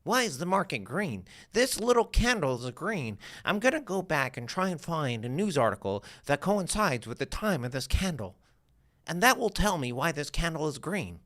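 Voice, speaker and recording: A man putting on the voice of a naive male trader who keeps hunting for news headlines, in a higher, whiny, questioning tone. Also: very animated, normal speed, a bit bright. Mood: puzzled.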